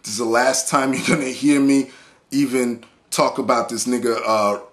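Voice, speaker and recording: A man's voice: mid-range voice, steady tone, moderate pace, fairly bright tone. A man ranting to the camera about hip-hop in a blunt, profane, heated way, listing examples and restarting his sentences. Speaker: hip-hop vlogger and reviewer. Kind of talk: profane unscripted rant.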